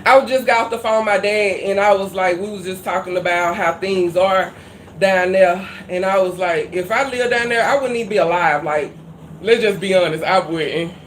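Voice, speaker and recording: A woman's voice: medium pitch, moderate pace, a little hiss or hum. Woman host, chatty and folksy with viewers, casual live-stream talk. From Louisiana. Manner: chatty and folksy, heavy Southern slang. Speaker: cooking channel host.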